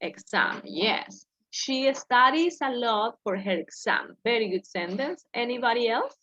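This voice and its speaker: A woman's voice: on the high side, animated, measured pace, pushed and bright, lo-fi sound. A woman teaching an English class over a video call, patiently correcting her students step by step.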